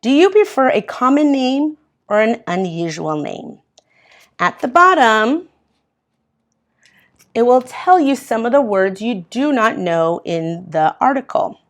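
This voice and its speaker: Slow, patient woman teaching English. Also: a little high, sing-song. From Mexico. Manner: patient, explains words step by step. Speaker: English as a second language teacher. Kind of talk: reading and explaining a textbook lesson.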